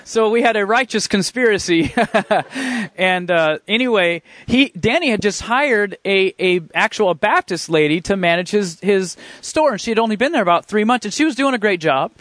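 A man shares his personal faith testimony, fervent and emotional, telling it in an earnest, halting way with many restarts of his sentences. His voice is high-pitched, animated and fairly bright, on a dry recording.

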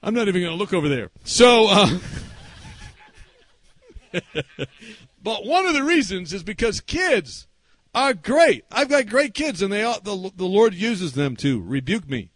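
High-voiced animated male preacher. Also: unhurried, pauses often, dry recording. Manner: animated, acts out quoted voices. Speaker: pastor. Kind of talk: storytelling sermon. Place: camp meeting hall.

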